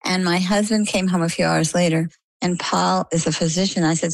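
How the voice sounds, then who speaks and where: A middle-aged woman with a low voice and a gravelly edge, telling her story as an interview guest. She is chatty and vivid and acts out the lines of the people in it. The sound is dry and close. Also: steady tone, quick pace, dry recording, poor audio.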